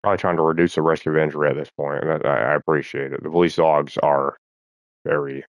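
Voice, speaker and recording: A man's voice: a bass voice, flat delivery, quick pace, no echo, dull audio. A man vlogging in a rambling, profane monologue, as if talking to himself.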